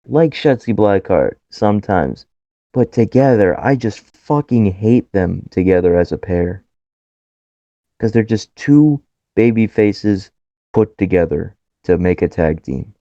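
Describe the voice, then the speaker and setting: Gravelly low-voiced man in casual chat. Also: animated, measured pace, dark tone, dry recording, highs cut off. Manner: blunt, swears freely, laughs often. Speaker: podcast co-host.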